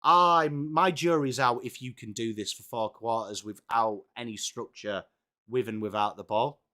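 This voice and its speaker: A man hosting a live football watchalong, reacting excitedly and chatting with viewers by name. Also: mid-range voice, moderate pace. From England. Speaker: live-stream watchalong host. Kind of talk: live sports reaction and chat.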